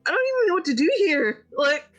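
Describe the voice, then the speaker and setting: A woman's voice: sits high, very animated, a little fast, fairly bright tone, faint music behind. A woman playing a tabletop game, rambling casually with many fillers. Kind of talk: casual chat.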